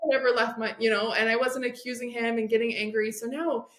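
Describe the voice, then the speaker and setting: A woman's voice: on the high side, steady tone, a little fast, roomy sound. A woman guest on a podcast, an addiction and recovery coach, telling a story in casual chat and acting out the dialogue, with lots of "like" fillers.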